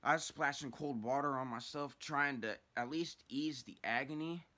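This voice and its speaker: A man's voice: medium pitch, normal speed, sharp tone. Young man rambling through a storytime. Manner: rambling, heavy swearing, restarts. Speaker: storyteller vlogger. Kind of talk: casual storytime monologue.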